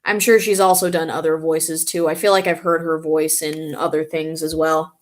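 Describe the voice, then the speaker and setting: A young woman vlogs casually, reading and answering comments in a rambling way and now and then stopping to recall names. Her voice is low, her delivery flat, and her pace moderate.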